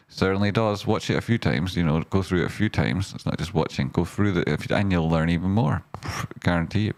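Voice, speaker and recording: Rambling man with a low voice. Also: expressive, brisk. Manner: rambling, profane, swings into loud rants; talks to himself and his audience. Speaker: stock market show host. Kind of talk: casual chart commentary.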